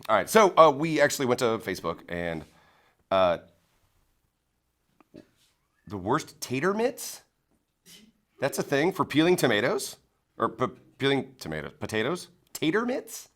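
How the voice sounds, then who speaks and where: A man's voice: mid-range voice, sing-song, normal speed, fairly bright tone. A man hosting a local talk show, giving a casual comedic monologue in front of a small studio audience, sounding incredulous and laughing along.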